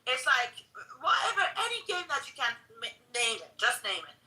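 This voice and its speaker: A woman's voice: high-pitched, big pitch swings, moderate pace, bright, forceful tone, recorded from a distance, low-quality recording. Emphatic woman with broken English. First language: not English. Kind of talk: heated livestream debate.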